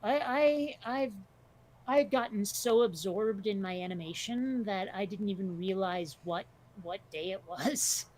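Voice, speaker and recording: A woman's voice: medium pitch, unhurried, a little mellow. A woman co-hosting a casual podcast chat, talking bluntly, swearing freely and telling stories with energy. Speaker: podcast co-host.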